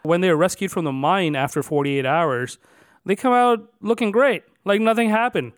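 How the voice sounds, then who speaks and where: A man's voice: high voice, animated, normal speed, no room sound, clean studio sound. A man co-hosting a casual podcast, announcing numbered categories with extra emphasis and then chatting loosely. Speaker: podcast co-host.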